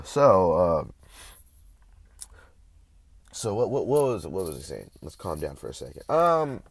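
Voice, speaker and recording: A young man hosts his own show in a rambling, crude monologue. His voice lurches between loud, excited bursts and low mutters, with a lively, swooping pitch. The recording is close and dry. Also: no echo. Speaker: podcast host. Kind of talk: casual profane monologue.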